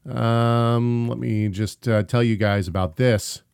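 A man's voice: mid-range voice, fairly even intonation, slow pace, gravelly, a little mellow, clean tone, no room sound, studio quality. A man co-hosting a casual talk show, rambling through announcements and banter with frequent restarts and easy laughter. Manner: rambling, self-correcting, laughs easily. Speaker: podcast co-host.

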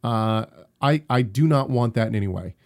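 A man's voice: medium pitch, expressive, moderate pace. A young man co-hosting a casual live-streamed podcast, talking in emphatic, rambling runs with frequent restarts. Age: young adult. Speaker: podcast co-host.

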